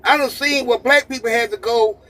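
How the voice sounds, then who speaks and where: A man's voice: very high voice, steady tone, fairly quick, sharp tone. A man in his sixties, a truck driver calling in to a live stream, speaking earnestly and plainly. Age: 60s.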